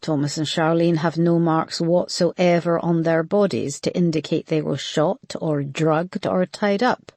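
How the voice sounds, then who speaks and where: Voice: mid-range voice, steady tone, measured pace, hardly any pauses, a little mellow, no echo, lightly acted. An audiobook narrator voicing a no-nonsense female detective chief who speaks curtly and firmly. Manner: curt, firm.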